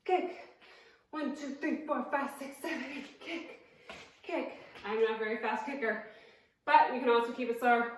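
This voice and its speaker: A woman's voice: high-pitched, unhurried, heavy reverb, recorded from a distance, slight background noise, poor audio. A woman instructing a cardio workout, counting reps and cueing moves, out of breath, with upbeat coaching and self-deprecating asides. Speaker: fitness instructor.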